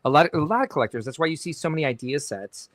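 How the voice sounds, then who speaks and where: A man's voice: on the high side, lively intonation, fast talker, a bit bright, dry recording. Laughing middle-aged man reading comments. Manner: jokey, laughing, reads comments aloud with asides. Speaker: podcast co-host reading viewer comments. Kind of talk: casual livestream chat.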